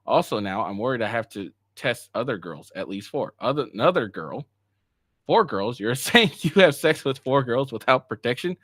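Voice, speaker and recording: A man's voice: medium pitch, animated, normal speed, fairly bright tone, no echo, studio quality. A man streaming live, reading messages aloud and mocking them with frequent swearing and laughter. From Asian heritage. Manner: profane, mocking, reads texts aloud verbatim. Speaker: streamer reacting to a podcast drama. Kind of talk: live reaction commentary.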